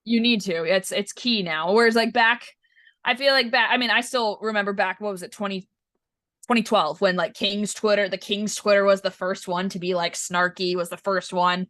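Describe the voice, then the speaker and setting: A woman's voice: mid-range voice, fairly even intonation, a bit bright, no echo. Chatty young woman host, dry sound. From Southern California. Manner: chatty, quick, many fillers and restarts. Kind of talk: casual chat.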